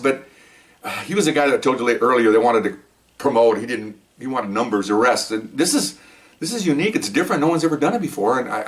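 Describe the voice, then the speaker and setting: A man's voice: medium pitch, far from the mic. An older man, a police veteran, telling his own anecdotes in a casual, rambling way full of repeated "you know.".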